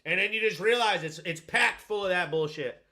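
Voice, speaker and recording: A young man hosts a live stream and rants hard, swearing constantly as he tears into a promotion and reads out his chat. His voice sits high and comes out bright and sharp. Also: normal speed. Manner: profane, heated ranting. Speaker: host. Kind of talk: livestream rant reacting to chat.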